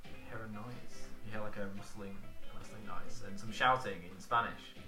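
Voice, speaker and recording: A man's voice: lowish voice, steady tone, brisk, echoey room, recorded from a distance, music in the background. A man running a tabletop game as game master, narrating with lots of fillers and restarts. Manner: rambling, hesitant narration full of fillers.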